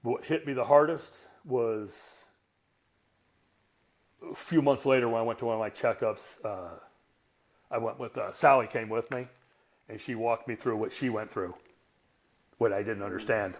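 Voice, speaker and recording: A man's voice: medium pitch, moderate pace, long pauses. A man in his sixties, a strength coach on a podcast, telling a personal story in a blunt, profane, self-mocking way. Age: 60s. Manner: earthy, self-mocking humor. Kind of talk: candid conversational storytelling.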